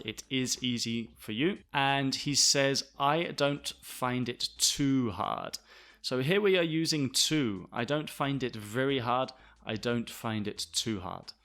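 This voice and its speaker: A man from the south of England explains English words to learners in a bright, forward voice. He speaks with a Southern English accent at a steady middle pitch. He is clear and deliberate and spells words out letter by letter. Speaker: English teacher, podcast host.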